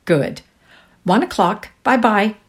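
A woman's voice: slow, close to an everyday voice. Woman voicing a breathless, gushing young girl. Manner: high and bright, gushing.

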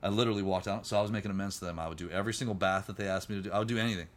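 A middle-aged man, a musician guest on a podcast, telling his recovery story candidly and acting out the voices of people he met. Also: deep voice. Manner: rapid, animated, acts out quoted voices.

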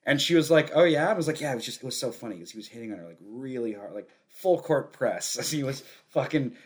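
Male podcast co-host, mid-pitched and animated, a rambling storyteller who laughs a lot. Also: fast talker. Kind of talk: casual chat.

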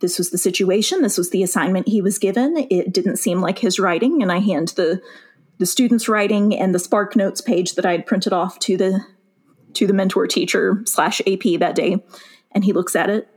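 A woman teacher telling a story in a casual chat, animated and laughing as she goes. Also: mid-range voice, moderate pace, slightly rough. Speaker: teacher and podcast co-host.

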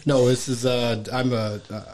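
Joking, halting man. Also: mid-range voice, little pitch movement, a loud crowd. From Michigan, USA. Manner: rambling, joking, halting with many fillers. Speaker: podcast guest. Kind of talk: casual chat.

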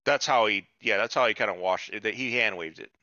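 A man's voice: lowish voice, a little fast, pushed and bright, no room sound, lo-fi sound. A man co-hosting a podcast in casual chat, rambling and swearing freely with many restarts. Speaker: podcast co-host.

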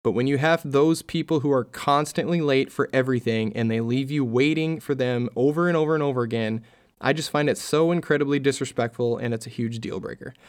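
A man's voice: medium pitch, brisk, smooth. A man hosting a solo podcast, chatting casually and reading out posts before giving his own take. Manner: conversational, reads out posts then comments. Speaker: podcast host.

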